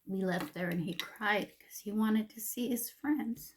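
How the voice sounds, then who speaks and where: A woman's voice: medium pitch, measured pace, a little hiss or hum. An older woman chatting while getting ready, emotional and confiding, sometimes dropping to a whisper. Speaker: vlogger.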